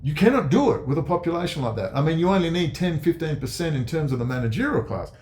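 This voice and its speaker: A man giving ranting commentary, sarcastic and profane, dropping to low mutters and jumping to high mocking outbursts. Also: animated, quick pace, darkish tone. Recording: echoey room.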